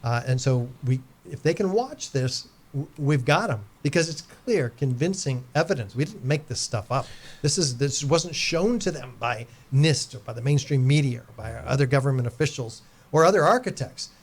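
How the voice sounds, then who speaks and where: A man speaking as a guest in a casual podcast interview, explaining things in an earnest, measured way with fillers. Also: medium pitch, lively intonation.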